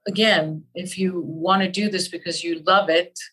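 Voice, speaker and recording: An older woman from Cuba, an actress guest in an interview, talking in an animated, emphatic way and repeating key phrases. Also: lowish voice, normal speed, breathy edge, rough recording. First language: Spanish. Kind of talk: interview conversation.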